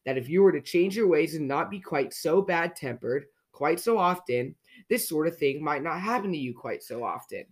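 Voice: medium pitch, lively intonation, moderate pace. A storyteller voicing a cheerful, friendly male storybook character who talks with a laugh. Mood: cheery. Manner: bright, laughing. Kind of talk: children's storybook reading.

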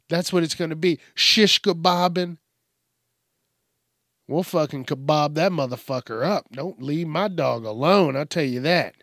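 Podcast host, man, profane casual rant, unhurried delivery, dry close sound. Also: on the high side, dry recording. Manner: profane, rambling, acts out bits in shouted voices.

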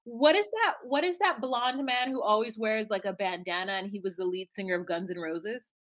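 A woman co-hosting a casual podcast, recapping a reality show in an animated way, laughing and acting out quotes. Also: medium pitch, fairly quick. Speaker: podcast co-host.

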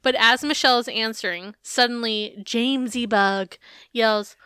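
A bright, clear woman talking into a close, dry mic. She recaps a show with sarcastic, profane humor, telling it like a story to her co-host. Her voice sits fairly high and rings crisp. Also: steady tone, normal speed, no room sound. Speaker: podcast co-host. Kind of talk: casual chat recapping a TV show.

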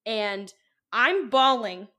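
A woman's voice: on the high side, lively intonation, very slow, pushed and bright. A young woman co-hosting a podcast, telling a personal story in a rambling, casual way, full of fillers and the odd swear word. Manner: rambling, full of likes and ums, swears freely. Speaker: podcast co-host.

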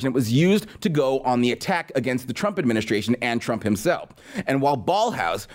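A man hosting a political commentary show, talking in a sarcastic, mocking way. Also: medium pitch. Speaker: podcast host.

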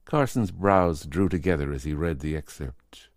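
Very deep-voiced male horror narrator. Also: unhurried, few pauses, a little mellow, no room sound, clean studio sound. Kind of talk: scripted horror story narration.

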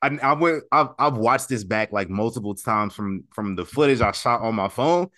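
A man's voice: medium pitch, moderate pace. A man in his thirties co-hosting a podcast, telling wrestling stories in a loose, slangy way. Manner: storytelling, animated with slang. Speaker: podcast co-host. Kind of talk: casual wrestling chat.

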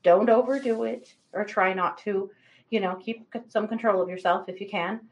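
A woman co-hosting a livestream, giving chatty, animated astrology readings and laughing often. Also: mid-range voice, normal speed, muffled recording. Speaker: psychic reader, co-host.

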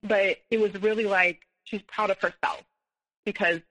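A woman appears as a podcast guest, recounting a personal story full of fillers and restarts, and she acts out the dialogue she quotes, rising when heated. Her voice is medium-pitched with fairly even intonation and a fairly bright tone, at normal speed, on a rough recording.

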